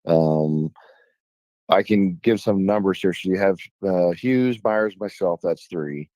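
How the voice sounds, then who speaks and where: A man who is a state senator, guesting on a radio talk show and laying out his points in a measured, methodical way. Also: sits low, mellow, dry recording. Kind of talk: casual radio interview.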